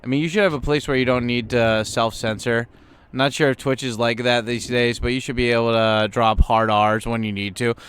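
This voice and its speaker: A man's voice: mid-range voice, steady tone, brisk, fairly bright tone, smooth. Rambling, profane male game streamer. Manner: rambling, profane, lots of fillers. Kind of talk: casual gameplay commentary.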